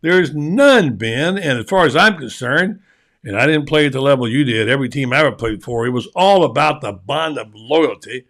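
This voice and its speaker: A man's voice: medium pitch, lively intonation, brisk, a bit bright. Folksy rambling male sports talk host. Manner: folksy, rambling, self-deprecating. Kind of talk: casual radio sports talk.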